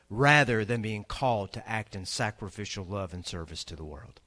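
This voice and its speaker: A man preaching a sermon as pastor, emphatic, swinging between loud peaks and quiet low lines.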